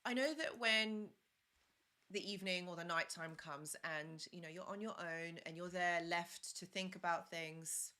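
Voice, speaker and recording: A woman's voice: lowish voice, a little slow, bright, forceful tone. A young woman hosting a live stream, giving earnest, repetitive advice and stopping to thank viewers. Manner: earnest, repetitive, reads comments aloud. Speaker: live stream host, relationship advisor.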